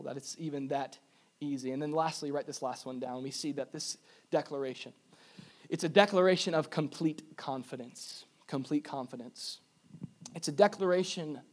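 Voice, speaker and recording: A man preaching a sermon to a congregation in a church, moving between quiet intimate asides and loud emphatic appeals. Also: fairly high pitch. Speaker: pastor. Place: church sanctuary before a congregation.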